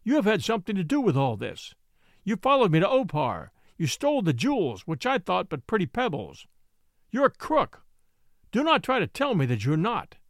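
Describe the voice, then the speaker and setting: A man's voice: high voice, huge pitch swings, moderate pace, dry recording, clean studio sound, exaggerated voice. A man reading an audiobook, voicing a fierce grown ape-man who growls his demands. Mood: urgent. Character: fierce adult male jungle ape-man.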